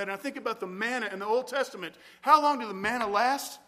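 A male pastor preaching a sermon in a church, earnest and deliberate, drifting into spoken prayer. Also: extremely high pitch, sharp tone. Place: church sanctuary. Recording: long church hall reverb.

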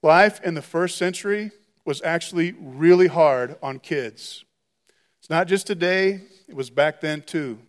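Male pastor, higher register, lively sermon delivery with frequent restarts. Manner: animated storytelling with repeated restarts.

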